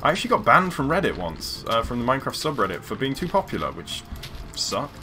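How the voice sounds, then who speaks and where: A man's voice: mid-range voice, very animated, brisk, bright, forceful tone. A man chatting casually while live-streaming a game, rambling with lots of ums and restarts. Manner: rambling, hesitant, many fillers and restarts. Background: background music.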